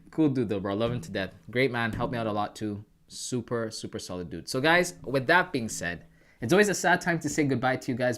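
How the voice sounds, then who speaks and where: A man's voice: mid-range voice, a bit bright. A man from Canada hosting a trading livestream, chatting casually and calling viewers "bro" and "guys".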